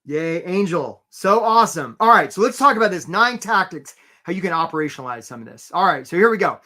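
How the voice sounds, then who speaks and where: A man hosting a live career webinar as a coach, energetic and upbeat, often tagging lines with "right?". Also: sits high, brisk.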